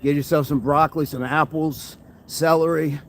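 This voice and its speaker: A man runs a relaxed, upbeat fitness livestream outdoors by a busy street, answering viewer comments he reads aloud between exercise sets. He speaks at a moderate pace in a steady tone on the high side, with slight background noise and the sound of passing vehicles and street ambience.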